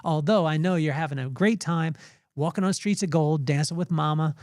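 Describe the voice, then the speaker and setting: A man in his forties, a podcast host, talks through a heartfelt personal reflection, halting often with fillers and restarts, his voice tearful. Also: fairly high pitch, a little mellow, no echo, studio quality. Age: 40s.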